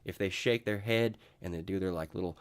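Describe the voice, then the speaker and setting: A man's voice: sits low, brisk. Rambling young man hosting a talk show. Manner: rambling, animated, filler-heavy talk. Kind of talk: casual solo vlog monologue.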